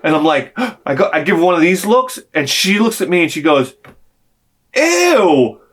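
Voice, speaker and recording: A man's voice: fairly high pitch, animated, a little fast, fairly bright tone. A middle-aged man, telling a comic story in a vlog, swearing freely and acting out the voices he quotes. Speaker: vlogger.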